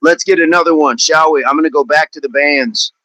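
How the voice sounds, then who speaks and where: Chatty gym coach guy on a livestream, bit higher voice, dry close sound. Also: a little fast, pushed and bright, dry recording, rough recording. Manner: upbeat, chatty, counts reps aloud. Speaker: fitness coach hosting a livestream. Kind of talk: live workout stream, chatting with viewers.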